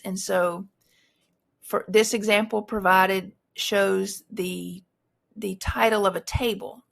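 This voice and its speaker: Gravelly-voiced woman teaching a writing tutorial. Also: mid-range voice, a bit bright. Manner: explanatory, frequent fillers and restarts. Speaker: instructor. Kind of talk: recorded tutorial lecture.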